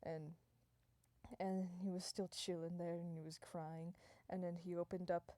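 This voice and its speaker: A woman rambles through an improvised comic story, swearing and restarting sentences as she goes. Her voice is mellow and soft-edged. The sound is dry and close. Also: on the low side, flat delivery, unhurried, no echo.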